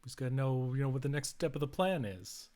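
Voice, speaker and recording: A man's voice: medium pitch, expressive, fast, dark tone, lightly acted. A man putting on a fawning, forgetful street gangster in a bad New York accent, in a tabletop game. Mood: eager. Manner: hunched gangster swagger, eager to please.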